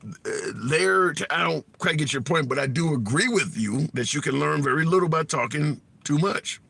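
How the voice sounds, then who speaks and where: A man's voice: on the high side, moderate pace, creaky, bright, forceful tone, breathy edge, no echo. A man hosting a casual livestream, blunt and colloquial, reading and answering comments. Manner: blunt, colloquial, laughs at his own jokes. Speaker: livestream host taking callers. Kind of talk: casual opinionated livestream chat.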